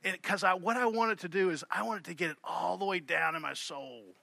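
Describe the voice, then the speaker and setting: A man with a Southern US accent preaching a sermon as pastor, swinging between loud emphasis and hushed asides. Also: sits high, brisk, creaky, dry recording.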